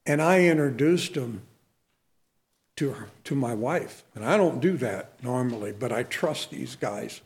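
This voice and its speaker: A man's voice: mid-range voice, darkish tone. A man, a Christian minister, telling folksy stories and preaching with fervent, emphatic exhortations, then leading a closing prayer.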